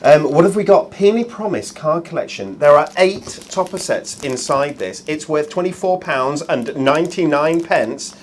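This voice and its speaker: A man's voice: fairly high pitch, lively intonation, normal speed, few pauses, slight background noise. A man hosting a live shopping show, chatty and jokey with plenty of ums.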